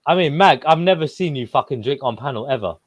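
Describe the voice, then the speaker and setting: A man's voice: medium pitch, animated, quick pace, dry recording. Taunting man, dry sound. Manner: taunting, repetitive insults. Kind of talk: heated online panel argument.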